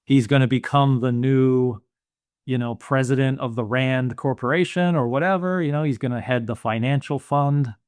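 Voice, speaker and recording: A man co-hosting a film podcast, talking through his ideas in a relaxed, musing way with frequent "you know" fillers. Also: mid-range voice, moderate pace, clean tone, no room sound, studio quality. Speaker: podcast co-host. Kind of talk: casual film discussion.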